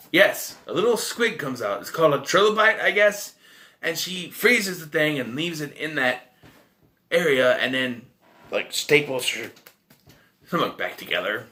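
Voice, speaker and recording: Fairly high-pitched, bright, and forceful, this man is animated but speaks a little slowly. He gives a laid-back movie review, recounting the story in a rambling manner, correcting himself, and adding wry quips.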